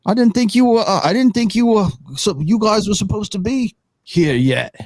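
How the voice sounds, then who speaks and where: A man plays a large hooded warrior at a card table in a tabletop game. He speaks curtly and impatiently, his voice pitched a little above the man's usual talk. The sound is close and dry. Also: lively intonation, moderate pace, darkish tone, dry recording. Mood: brusque. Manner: curt, impatient greeting.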